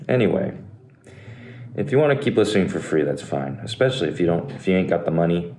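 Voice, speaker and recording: A man's voice: deep voice, a little mellow. A man doing a rambling, self-deprecating plug for his podcast in a room above a restaurant. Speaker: podcast host. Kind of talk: casual ad read. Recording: echoey room with faint noise.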